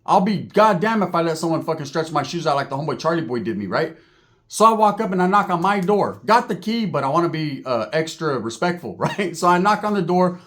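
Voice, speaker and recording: Man, comic storyteller, profane street talk, keeps asking the audience, slightly high voice. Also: lively intonation, brisk, a bit bright.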